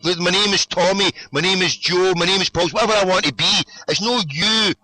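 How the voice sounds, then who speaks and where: A man's voice: high voice, fairly quick, bright, forceful tone, no room sound, poor audio. A Scottish man hosting a radio show, arguing heatedly and cutting in again and again. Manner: insistent, keeps interrupting with "hold on"; swearing. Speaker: radio host. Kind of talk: heated debate.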